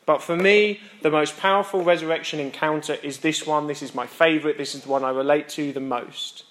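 A British man preaching a sermon, earnest with emphatic pauses and wry self-deprecating humor. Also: a little high, steady tone, a bit bright, roomy sound. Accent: British English.

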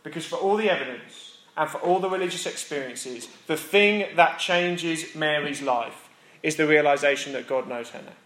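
A British man preaching a sermon, earnest with emphatic pauses and wry self-deprecating humor. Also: a little high, a bit bright, reverberant. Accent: British English.

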